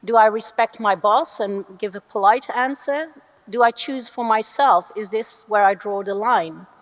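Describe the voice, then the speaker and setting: A middle-aged woman from the Netherlands, an employment lawyer telling a personal story on a conference panel, earnest and reflective with thoughtful pauses. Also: medium pitch. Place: large conference hall. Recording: echoey conference hall.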